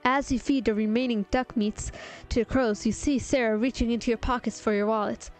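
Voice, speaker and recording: A woman's voice: on the high side, fairly even intonation, fairly quick. Playful young woman reading fanfic aloud. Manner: playful, giggly, breaks off to comment. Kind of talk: casual dramatic reading of fanfiction. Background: faint music.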